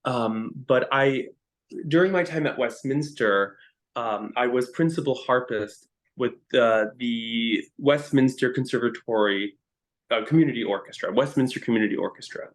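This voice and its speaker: A man, a harp teacher and musician, telling stories as a guest in a podcast interview, emotional and halting with frequent restarts. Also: medium pitch. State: choked up.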